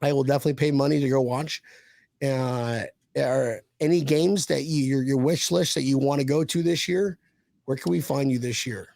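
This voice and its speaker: A man's voice: mid-range voice, moderate pace, gravelly, darkish tone, no room sound, studio quality. A man hosting a casual sports fan chat, joking and laughing often. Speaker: podcast host.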